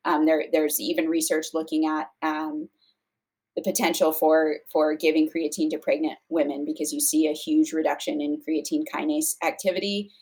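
A woman's voice: low voice, little pitch movement, moderate pace, darkish tone, husky. A woman guest on a podcast, explaining nutrition research in casual chat, with frequent fillers and restarts. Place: podcast studio.

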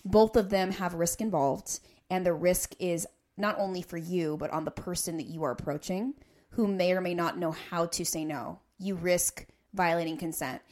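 Low-voiced woman podcast host. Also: fairly even intonation, moderate pace, a little mellow. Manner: earnest, explanatory, builds careful arguments. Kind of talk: casual podcast discussion.

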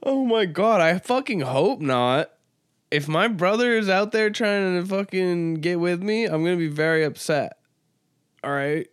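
A man's voice: sits high, lively intonation, unhurried, clean tone, no echo, studio quality. A man hosting a comedy podcast, talking casually in a rambling, crude, joking way with lots of fillers. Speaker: podcast host.

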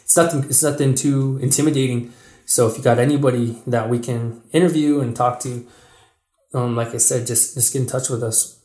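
A man hosting a relaxed podcast, talking earnestly with frequent restarts. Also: medium pitch, brisk. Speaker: podcast host. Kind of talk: casual podcast chat. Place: small room with a microphone. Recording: echoey room.

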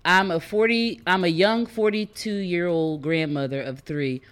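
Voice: mid-range voice, unhurried, clear, resonant tone. A podcast co-host in casual chat who laughs often and reads a listener letter aloud. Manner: giggly, expressive.

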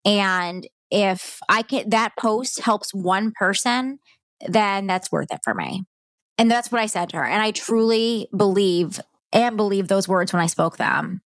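A woman's voice: medium pitch, unhurried, no echo, clean studio sound. A middle-aged woman hosting a podcast, telling a personal story in a candid, heartfelt, conversational way. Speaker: podcast host.

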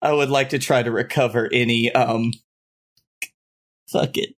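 A man's voice: medium pitch, steady tone, a little slow. A man playing a tabletop game in a casual, joking way, cursing freely. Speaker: player.

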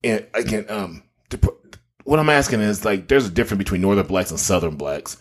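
A man in casual discussion, telling stories in an animated, emphatic way. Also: on the low side, a little fast.

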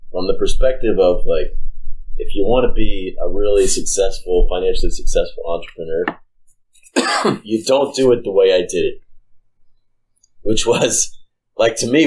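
A man's voice: lowish voice, a little mellow, rough recording. A man, an entrepreneur, in a casual chat, thinking aloud and swearing casually. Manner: reflective, swears casually, many restarts.

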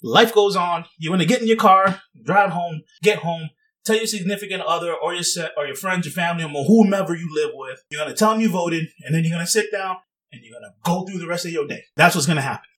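A man's voice: high-pitched, fast, a bit bright, far from the mic. A young man giving sarcastic, rambling casual commentary and laughing at his own jokes. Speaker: vlogger.

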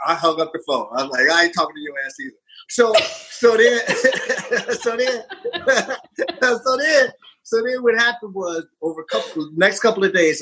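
A man in his fifties, a fitness coach, telling a personal story in a lively, casual way, jumping in pitch for emphasis and laughing often. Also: breathy edge, rough recording. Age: 50s. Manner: animated, swings pitch widely for emphasis; frequent laughter and profanity.

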